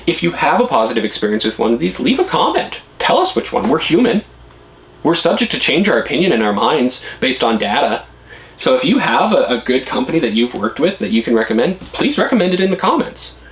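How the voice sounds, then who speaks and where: A middle-aged man vlogging casual advice, blunt and animated, his pitch jumping up when he gets worked up. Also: brisk, poor audio.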